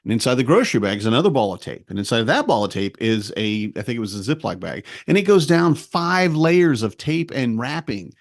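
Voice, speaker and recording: A man in his forties chatting casually on a podcast, telling lively family stories and acting out what people said. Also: mid-range voice, fairly quick, gravelly, hardly any pauses, no echo, clean studio sound. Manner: lively storyteller who acts out quotes. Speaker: podcast co-host and at-home dad.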